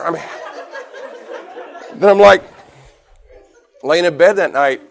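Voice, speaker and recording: A man's voice: a little high, takes it slowly, vocal fry, a faint crowd. A middle-aged man preaching a sermon, telling a personal story with animation and building to emphatic, repeated lines. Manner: animated storyteller, shouts and laughs in retelling; preaching with rising emphatic repetition. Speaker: pastor.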